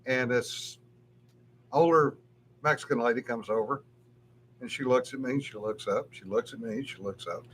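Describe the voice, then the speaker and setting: A man's voice: medium pitch, normal speed, long pauses, fairly bright tone, slight background noise. A man telling a story in casual chat as a podcast co-host, easygoing and chuckling often.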